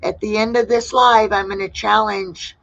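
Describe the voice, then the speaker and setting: A woman hosting a casual livestream, reading out viewers' answers one by one in a relaxed way. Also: medium pitch, moderate pace, gravelly. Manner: relaxed, reads out chat replies one by one. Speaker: livestream host. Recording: dull lo-fi sound.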